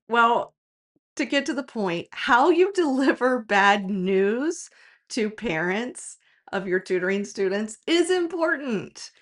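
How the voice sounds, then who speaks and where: A woman who runs a tutoring business, telling a personal story in a casual, frank and reflective way, straight to her viewers. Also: mid-range voice.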